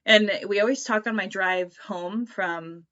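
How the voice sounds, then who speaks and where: A woman's voice: medium pitch, unhurried, a bit bright, dull audio. A young woman co-hosting a podcast, chatting casually and giggling as she retells her conversations. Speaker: podcast co-host. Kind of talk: casual chat.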